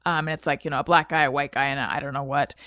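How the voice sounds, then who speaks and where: A woman's voice: sits low, steady tone, racing, fairly bright tone, no room sound. Woman podcast host chatting in a dry room. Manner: chatty, reads listener posts aloud, laughs often. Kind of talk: casual chat.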